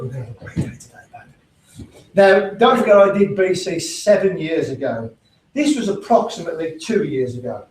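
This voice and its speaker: A man telling a story to a live audience as a motivational speaker, animated, laughing and swearing freely. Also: high-pitched, echoey room, distant mic, low-quality recording.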